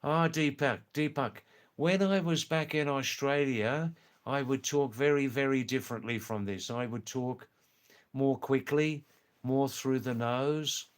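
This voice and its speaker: A man hosting a live stream, answering viewer comments slowly and thoughtfully, with many pauses and fillers. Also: mid-range voice, steady tone, clear, resonant tone.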